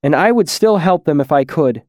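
A man voicing an earnest, compassionate young woman in a storybook reading, speaking with gentle resolve. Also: on the high side, animated, fairly quick, smooth, no echo, studio quality, voice pushed up, close to an everyday voice. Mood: resolute.

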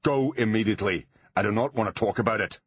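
Gruff stern bodyguard, deep, husky and curt, as a male narrator plays him; storybook audiobook. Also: quick pace. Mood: commanding. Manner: curt, commanding.

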